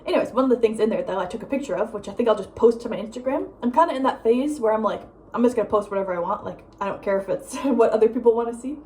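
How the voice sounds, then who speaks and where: A young woman talks in a breezy, rambling way, dropping "like" and "um" constantly and laughing as she goes. Her voice sits a little high. A faint hum of home ambience sits behind her. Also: very fast, few pauses. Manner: rambling, lots of "like" and "um", laughs often; breezy, drifts between loud and soft. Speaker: vlogger. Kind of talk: casual chatty vlog monologue.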